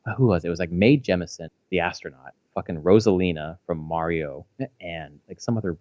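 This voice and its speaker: A man's voice: sits low, brisk, a little mellow, dry recording. A man in his thirties chatting casually as a podcast co-host, rambling with lots of fillers and restarts and swearing freely. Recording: slightly dull, dry audio.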